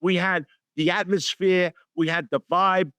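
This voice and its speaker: Middle-aged New guy, raised pitch, bone-dry mic, lively raconteur doing voices for everyone he quotes. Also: measured pace, smooth, no echo. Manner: animated storyteller acting out quotes in voices. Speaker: guest. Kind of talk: storytelling interview.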